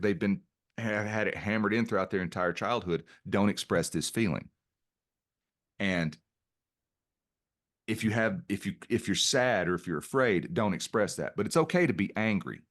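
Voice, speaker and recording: Podcast guest, middle-aged man, low pitch, earnest storyteller who restarts his sentences. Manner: earnest, stops to restart phrases. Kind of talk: reflective interview storytelling.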